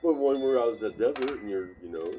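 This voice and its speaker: A man telling rambling stories at home in a casual chat, jumping into higher voices when he quotes his friends. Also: lively intonation, fast, mellow, a little hiss or hum.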